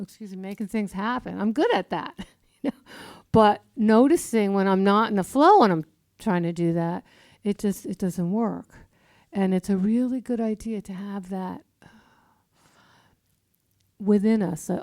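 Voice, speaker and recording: Brief: woman minister in her sixties, higher voice, dry close sound, animated storytelling. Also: normal speed, no echo. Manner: animated storytelling, shifts into song. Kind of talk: sermon with songs. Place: church sanctuary.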